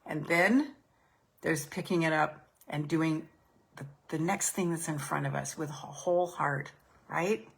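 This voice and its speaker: A middle-aged woman hosting a live spiritual session, guiding listeners through slow, prayerful affirmations. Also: low-pitched, vocal fry. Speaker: host and self-love coach. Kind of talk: guided spiritual meditation on a live stream.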